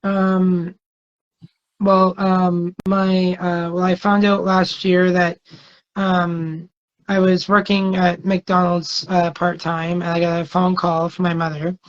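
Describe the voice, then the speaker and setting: A man's voice: high-pitched, completely flat delivery, slow pace. A man, a guest singer, telling long stories in a casual interview, rambling and hesitant with many fillers. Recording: dull lo-fi sound.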